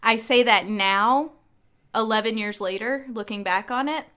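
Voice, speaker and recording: A woman co-hosting a podcast, telling stories in an animated, casual way. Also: fairly high pitch, measured pace. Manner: animated storyteller. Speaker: podcast co-host. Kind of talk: casual chat.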